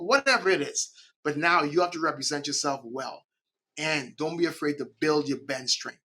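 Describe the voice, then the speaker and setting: A middle-aged man from the Caribbean, a podcast guest speaking in an animated way and often checking in with "right?". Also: fairly high pitch, moderate pace. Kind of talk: conversational interview.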